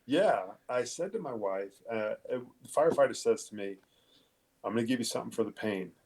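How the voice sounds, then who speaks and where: A middle-aged man from Long Island, New York, a police detective telling his story in a casual interview, halting and profane, with many fillers and restarts. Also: mid-range voice, animated, darkish tone, slightly rough.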